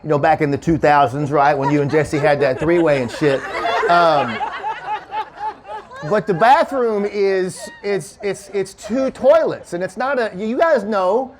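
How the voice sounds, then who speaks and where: A stand-up comedian from Kentucky, a man with a high voice and a measured pace, does a loose, profane set at a winery comedy show. He chats with the live crowd and laughs at his own jokes as the audience laughs too.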